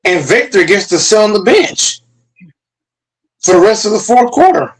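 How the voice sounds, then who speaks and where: Brash high-voiced man from Dallas. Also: very animated, normal speed, rough recording. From Dallas, Texas. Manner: brash, profane trash talk. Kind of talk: casual sports chat.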